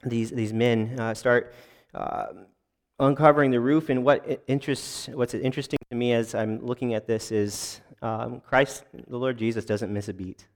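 Male pastor, conversational sermon, halting delivery full of restarts, wry asides. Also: mid-range voice, fairly even intonation. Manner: self-deprecating jokes to the congregation.

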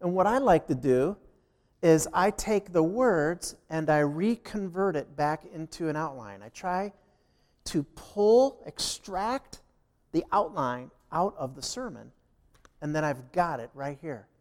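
A man's voice: high voice, a little mellow. A man preaching a sermon, telling a personal story and acting out the dialogue with emphasis. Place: church sanctuary. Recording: long hall reverb.

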